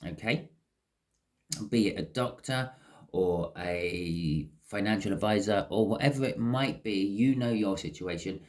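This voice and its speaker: Chatty male tarot reader, lower-pitched, conversational, checks in with the viewer. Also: a little slow. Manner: chatty, lively rises in pitch, frequent "okay?" check-ins. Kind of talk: casual tarot reading to camera.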